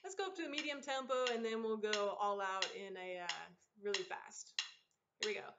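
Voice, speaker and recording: A woman teaching an online drum lesson, explaining patterns in a relaxed, encouraging way and counting aloud. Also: medium pitch, moderate pace, heavy background noise. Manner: counts aloud and vocalizes rhythms over drumming. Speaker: percussion teacher. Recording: dull lo-fi sound with loud drumming behind. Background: loud percussion.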